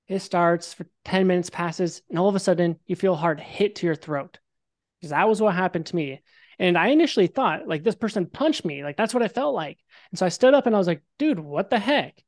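A young man, a podcast guest, telling his story casually and vividly, swearing freely and acting out what people said. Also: high-pitched. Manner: animated, swears freely, acts out quotes.

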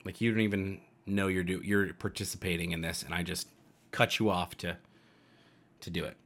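A man's voice: sits low, little pitch movement, moderate pace, fairly bright tone. A young man co-hosting a podcast, chatting casually and rambling playfully, now and then breaking into goofy voices. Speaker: podcast co-host. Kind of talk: casual chat.

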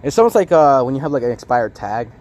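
A man's voice: medium pitch, quick pace, slight background noise. A young man in casual chat with friends, telling a story with lots of laughs and acting out what others said. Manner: animated, laughing, acts out friends' lines.

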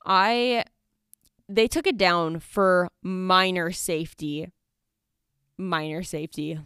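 A woman's voice: lowish voice, takes it slowly, a bit bright, smooth, no echo, clean studio sound. A woman in her twenties hosting a casual solo podcast, chatty and rambling with lots of fillers. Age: 20s. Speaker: podcast host. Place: dorm study room.

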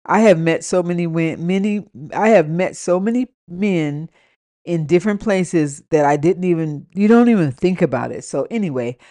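A young woman hosts her own podcast in a loose, ranting story-time manner. Her voice sits a little low, and she mixes blunt, profane advice with quick laughing asides. The sound is close and dry. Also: dark tone, dry recording. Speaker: podcast host. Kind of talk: casual rant and story time.

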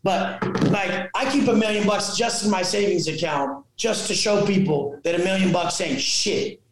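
A man who is a fitness and motivational coach, talking as a podcast guest in an intense, forceful way, swearing constantly and acting out the people he quotes. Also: high-pitched, normal speed, noisy background. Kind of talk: intense profane motivational talk. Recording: very echoey room.

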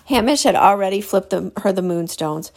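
A woman teacher reading a children's novel aloud to a class, expressive and stopping to correct her slips. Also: mid-range voice, normal speed.

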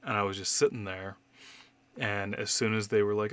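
Brief: man in his thirties, bright, forward voice sitting a little low, candid storyteller who swears a lot. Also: moderate pace. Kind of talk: casual conversation.

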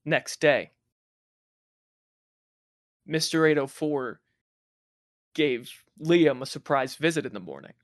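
A man's voice: fairly high pitch, slow pace, long pauses, no echo, clean studio sound. Young man telling a wild story. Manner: profane, laughing, animated anecdote telling. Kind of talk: casual storytelling chat.

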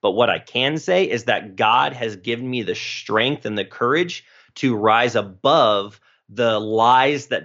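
Earnest low-voiced man, dull lo-fi sound. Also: a bit bright. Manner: earnest, emotional, tumbling phrases with self-corrections. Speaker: podcast guest. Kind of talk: personal story in a podcast interview. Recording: dull lo-fi recording.

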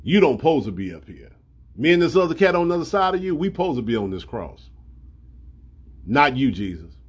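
A man voicing a blunt grown thief in a sermon, talking quickly and insistently. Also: medium pitch, very animated, breathy edge. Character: blunt adult male thief on a cross.

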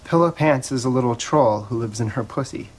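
A man delivering a crude, deadpan comedy skit from an album. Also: mid-range voice, brisk, a little hiss or hum.

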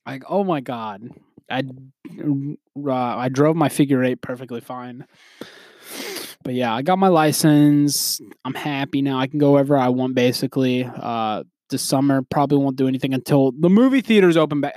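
A young man talks through a personal story on his own podcast, full of restarts, fillers and laughter. His voice sits a little high for a man. The recording is close and dry, with no room sound. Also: no room sound. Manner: rambling, laughing, quoting others in put-on voices. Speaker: podcast host. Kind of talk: casual solo podcast chat.

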